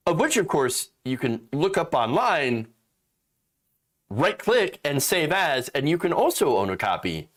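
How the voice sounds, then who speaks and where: A man's voice: fairly high pitch, big pitch swings, unhurried, a bit bright. A man hosting a political commentary show, sarcastic and exasperated, mocking what he reads and swearing freely.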